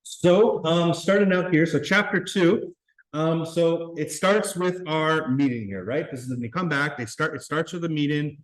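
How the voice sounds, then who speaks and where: A male teacher reading a novel aloud to his class, stumbling and restarting, then explaining it in a relaxed way with fillers. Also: on the high side, moderate pace, roomy sound, poor audio.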